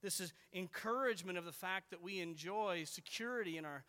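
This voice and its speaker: A man's voice: high voice, a little fast, pushed and bright, clear, resonant tone, in a large hall. A man preaching an expository sermon as pastor, earnest and emphatic, repeating key words for weight.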